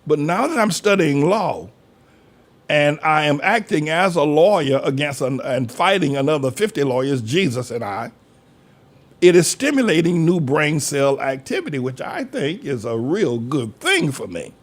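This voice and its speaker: A man's voice: on the high side, big pitch swings, moderate pace. An older man preaching a folksy sermon as pastor, from North Carolina, acting out quoted voices as he talks.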